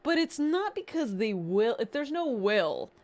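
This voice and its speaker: Woman streamer reacting live, high voice, unhurried, exclaims and laughs at her chat. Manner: animated, exclaims and laughs, talks to chat as "guys". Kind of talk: excited live reaction commentary.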